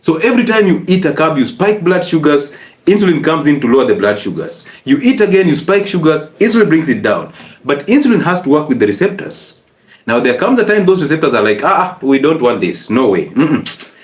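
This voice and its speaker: Animated man giving a health talk. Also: a little high, a little fast. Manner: animated, teasing, rhetorical questions. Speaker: health educator. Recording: echoey room.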